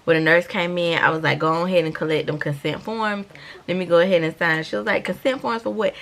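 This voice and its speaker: Woman, 30s, low gravelly voice, animated storytime vlogger talking straight to viewers. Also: fast. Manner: animated, chatty, addresses viewers as y'all. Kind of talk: storytime vlog.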